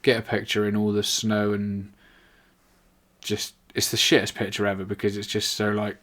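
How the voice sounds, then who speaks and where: A man's voice: on the low side, completely flat delivery, normal speed, fairly bright tone. A young man casually telling a rambling, sweary story, full of "like" fillers. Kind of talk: casual anecdote.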